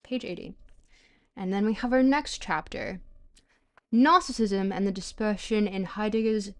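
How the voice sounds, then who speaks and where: Casting: French-native woman streamer, halting read-aloud of dense philosophy, mid-pitched voice, casual asides to chat. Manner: halting reading with restarts and pronunciation checks. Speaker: streamer reading a book aloud.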